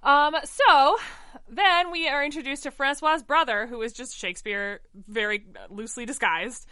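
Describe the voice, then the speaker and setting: A woman's voice: sits high, normal speed, pushed and bright, no echo. A woman co-hosting a casual chat, recapping a musical with lots of fillers and enthusiasm. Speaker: podcast co-host.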